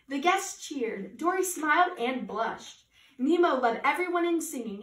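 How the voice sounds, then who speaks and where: Animated woman reading a children's story. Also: high-pitched, a little slow. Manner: animated, chatty asides. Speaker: party entertainer reading a story. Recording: echoey room, voice from a distance.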